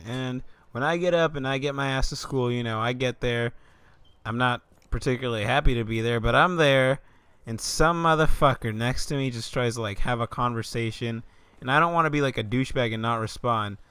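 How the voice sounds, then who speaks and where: A man's voice: medium pitch, brisk, pushed and bright, clear, resonant tone, no echo. Profane, exasperated young man ranting. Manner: exasperated, profane, stammering outbursts. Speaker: vlogger. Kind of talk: comedic rant vlog.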